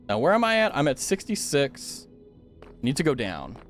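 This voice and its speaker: A young man chats playfully with his chat while he plays a game. His voice sits slightly high and leaps all over the place. A light bed of music plays underneath. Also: wildly swooping pitch, moderate pace. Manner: playful, chatty, talks to chat. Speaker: streamer. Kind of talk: casual gaming commentary.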